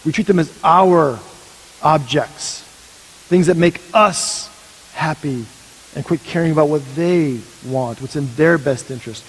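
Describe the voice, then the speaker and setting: A man pastor preaching a sermon, telling a story dramatically and dropping to a hush for emphasis. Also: fairly high pitch, unhurried, husky. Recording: long reverb of a large hall.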